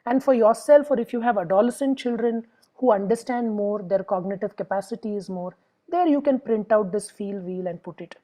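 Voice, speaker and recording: A woman's voice: medium pitch, a little fast, warm tone, poor audio. A middle-aged woman with an Indian English accent, a psychologist explaining emotions to parents step by step in a lecture and acting out the lines of clients and children. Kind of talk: lecture with examples.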